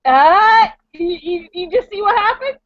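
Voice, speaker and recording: A woman's voice: very high-pitched, lively intonation, a little slow, no room sound. A woman in a casual fan chat, chatty and gushing, often giggling. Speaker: podcast co-host. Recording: dull dry lo-fi recording.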